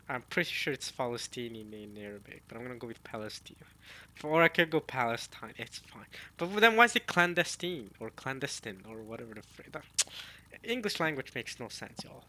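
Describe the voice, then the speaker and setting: A man reading a manga chapter aloud and reacting in casual chat, talking to his viewers and musing out loud. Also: medium pitch. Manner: chatty, addresses viewers as y'all, muses aloud.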